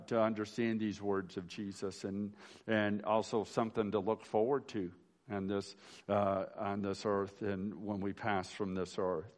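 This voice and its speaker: A man, a pastor, giving a memorial sermon in a folksy storytelling way, often restarting phrases and asking "right?". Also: on the low side. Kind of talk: funeral sermon.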